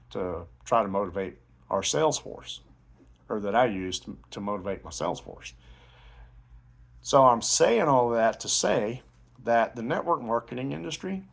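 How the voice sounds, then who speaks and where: A man's voice: lowish voice, breathy edge. A man giving a casual motivational sales talk, telling a long story in a rambling way with many fillers and restarts. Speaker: network marketing promoter.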